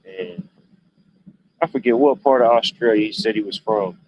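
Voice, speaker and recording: A man chats loosely on a livestream, drifting from story to story in an easygoing drawl. His voice sits fairly low. The stream audio is dull and lo-fi, with a faint hiss under it. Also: fast talker. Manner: laid-back storyteller, drawling Southern turns of phrase. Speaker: livestream host. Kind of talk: casual rambling chat.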